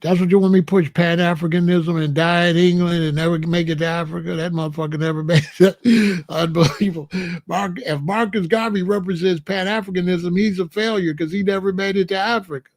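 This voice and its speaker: A man hosting his own livestream, hitting back at the chat in a combative, profane rant. His voice sits fairly high for a man. He mocks viewers by mimicking them. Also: fairly even intonation, fairly quick. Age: adult. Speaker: livestream host.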